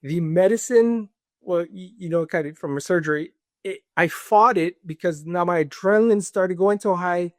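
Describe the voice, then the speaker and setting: A man's voice: high-pitched, normal speed, no room sound, studio quality. A man telling a personal story in casual conversation, acting out the voices of others with fillers like "this and that". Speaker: guest.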